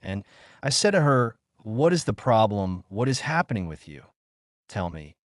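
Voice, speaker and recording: A man's voice: lowish voice, very animated, moderate pace, no room sound, clean studio sound. A man narrating a suspenseful first-person story in a dramatic way, repeating phrases to build tension.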